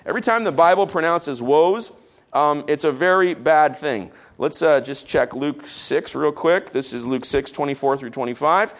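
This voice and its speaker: A man preaching a sermon, reading scripture with rising emphasis and dropping into casual, quiet asides. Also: fairly high pitch, moderate pace. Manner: casual asides with fillers between solemn readings.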